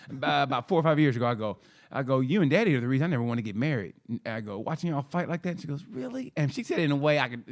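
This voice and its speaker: Guy on a podcast, fast and animated, swings his voice all over acting out quotes. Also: mid-range voice. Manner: animated, acts out quotes, profane. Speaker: podcast co-host. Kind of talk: casual storytelling chat.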